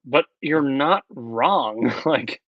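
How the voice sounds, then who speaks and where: A man co-hosting a casual talk show, animated and argumentative, getting loud when he presses a point. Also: medium pitch, very slow, no room sound, lo-fi sound. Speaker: podcast co-host. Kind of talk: casual chat.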